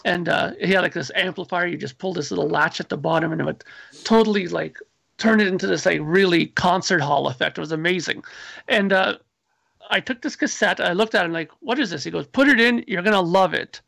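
A man in his forties or older, a musician guest, telling animated stories in casual chat and acting out his own past lines. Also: sits high, fairly quick, creaky, no echo.

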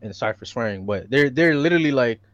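A man's voice: medium pitch, expressive, fast, fairly bright tone, dry recording. A man in a casual podcast discussion, retelling events with slang and acting out the quotes. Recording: dry, dull lo-fi mic.

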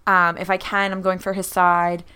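A woman's voice: fairly low pitch, level tone, moderate pace, sharp tone, clean tone. A woman player in a tabletop role-playing game, chatting casually and thinking aloud about rules and moves.

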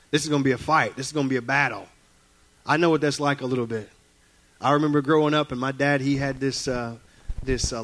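A man preaching a sermon as a guest speaker in a church, telling folksy stories and acting out family voices. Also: a little high.

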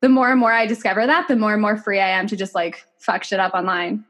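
A bubbly young woman chatting casually as a podcast guest, animated and swearing freely. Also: medium pitch, fast talker.

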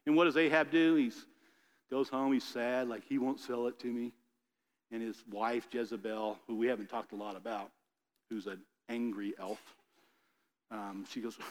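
A man preaching a sermon, reading scripture and then retelling the story in a casual, animated way with little character voices. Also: medium pitch, big-room sound. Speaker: pastor.

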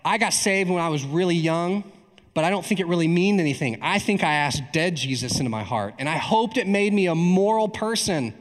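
A man's voice: on the high side, animated, fairly quick, close to an everyday voice. A man voicing a middle-aged woman confessing her faith earnestly, with her words building in intensity. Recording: long reverb in a large hall.

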